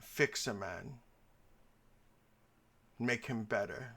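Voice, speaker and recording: A man acting as game master in a tabletop role-playing game, telling stories in a theatrical way with lots of pitch shifts. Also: drawn-out words, bright, forceful tone. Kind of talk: narrating and voicing characters in a tabletop game.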